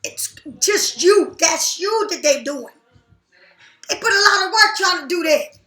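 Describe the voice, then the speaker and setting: A woman giving a casual tarot reading straight to the viewer, blunt and profane, talking in an animated way. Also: very high voice, a little slow, echoey room. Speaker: tarot reader.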